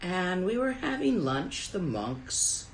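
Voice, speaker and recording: A woman's voice: lowish voice, sing-song, takes it slowly, reverberant, a little hiss or hum, low-quality recording. Wry woman telling a dharma story. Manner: casual, wry anecdotal telling. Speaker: Buddhist teacher and Tibetan translator.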